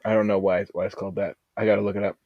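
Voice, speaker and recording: A man in his thirties, a guest on a casual podcast, telling stories in an animated, profane way. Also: fairly low pitch, very fast, no room sound, dull audio. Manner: animated, profane, acts out quoted voices. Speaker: guest, Navy veteran.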